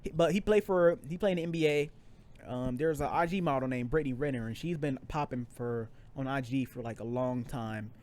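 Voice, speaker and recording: A man's voice: mid-range voice, brisk, darkish tone. A young man co-hosting a podcast, talking in slangy casual chat with lots of repeats and restarts. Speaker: podcast co-host.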